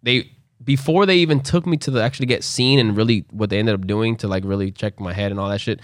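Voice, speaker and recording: A man's voice: fairly low pitch, quick pace, dry recording, clean studio sound. A young man casually telling a story, loose and profane, acting out quotes along the way.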